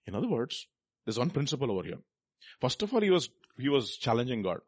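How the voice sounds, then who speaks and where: Husky-voiced male preacher, animated. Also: medium pitch, quick pace, dry recording. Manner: emphatic, asks the listeners rhetorical questions; reads scripture aloud between comments. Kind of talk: sermon.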